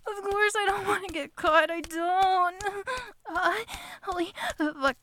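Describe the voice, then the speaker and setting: Very high-voiced breathy woman. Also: fairly even intonation, takes it slowly, pushed and bright, slight background noise. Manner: breathy, moaning, pleading. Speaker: audio role-play performer. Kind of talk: adult audio role-play.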